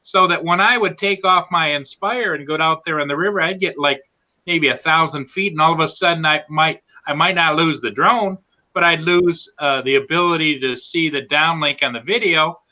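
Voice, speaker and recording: A man's voice: a little high, moderate pace, muffled recording. A man chatting about flying drones, telling stories and acting out what others said. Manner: chatty, storytelling, animated quoting. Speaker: drone pilot co-host. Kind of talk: casual group chat.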